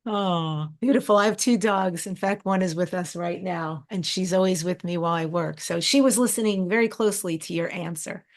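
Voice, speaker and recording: A woman's voice: on the low side, moderate pace, few pauses. A woman hosting an interview, asking questions and answering her guest with affirming remarks. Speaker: podcast host.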